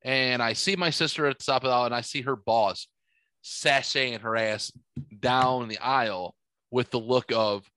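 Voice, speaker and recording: A man tells a profane story in a casual podcast chat, quoting every person in the story out loud. His voice is bright and sits in the middle of the pitch range. The sound is dry and close. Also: smooth, no echo. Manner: profane, animated, quick to act out quotes. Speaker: podcast co-host telling a story.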